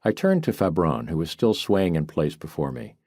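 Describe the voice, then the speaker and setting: A man narrating an audiobook in first person, with a wry, brisk, wisecracking delivery, read close to a studio microphone. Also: low voice, huge pitch swings, a little mellow, no echo.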